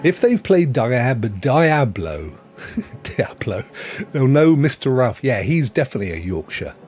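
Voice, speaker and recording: A male stream host chatting at home, his voice leaping up and down with big swings in pitch. He jokes around and laughs at his own gags, with faint music playing behind him. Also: big pitch swings, a little slow, darkish tone. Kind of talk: casual live-stream chat.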